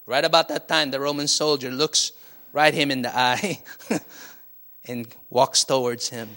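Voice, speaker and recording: A man's voice: mid-range voice, steady tone, measured pace, pushed and bright. A man preaching a sermon as pastor, with frequent call-and-response and light laughter. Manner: call-and-response, asking "Amen?" and laughing often.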